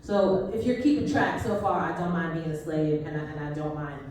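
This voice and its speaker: A woman's voice: sits low, a little fast, a little mellow. A young American woman doing a stand-up comedy set, talking in a wry, conversational way and laughing at her own punchlines. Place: comedy club stage. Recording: echoey club, mic at a distance, faint hum.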